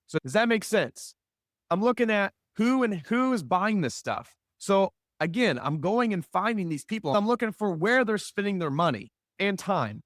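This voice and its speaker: A man's voice: fairly high pitch, dry recording, clean studio sound. A middle-aged man giving a business talk, telling stories with lots of rhetorical questions and acted-out quotes. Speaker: business speaker. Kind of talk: animated storytelling talk.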